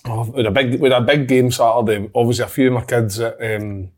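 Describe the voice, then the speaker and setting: A man's voice: mid-range voice, fairly even intonation, quick pace, darkish tone. A Scottish man in his thirties, a kids' football coach, chatting casually with friends, swearing and laughing often. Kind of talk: casual podcast banter.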